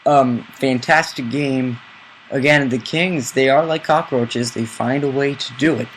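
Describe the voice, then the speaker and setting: A man in the host's chair of a laid-back sports podcast. He keeps the show moving with easygoing intros and plugs at an ordinary pitch. A faint hiss of noise sits under his voice. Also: measured pace, fairly bright tone, poor audio. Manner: loose, steers the show. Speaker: podcast host. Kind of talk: casual sports chat.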